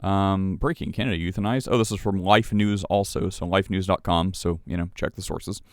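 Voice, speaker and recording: A man's voice: low voice, steady tone, a little fast, no echo, clean studio sound. A man hosting a podcast, chatting casually and reading news articles aloud with asides. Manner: reads articles aloud, puts on mock voices for quoted people. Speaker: podcast host. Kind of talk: casual livestream commentary.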